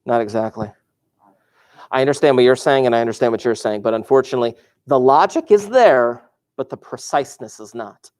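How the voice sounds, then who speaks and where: A man's voice: mid-range voice, fairly quick, darkish tone. A man teaching a math lesson to a class, explaining step by step with wry, joking asides.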